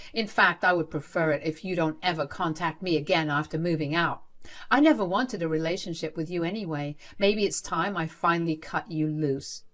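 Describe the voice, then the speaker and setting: Cold grandmother and principal, dismissive and sneering , read by a woman narrator; lowish voice. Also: fairly bright tone.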